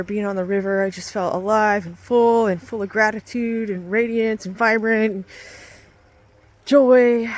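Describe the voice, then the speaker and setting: A woman's voice: a little high, no room sound. A woman, a fitness instructor and aerialist, talking earnestly into her handheld phone outdoors, shivering in the cold, with many fillers and restarts. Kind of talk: casual testimonial vlog.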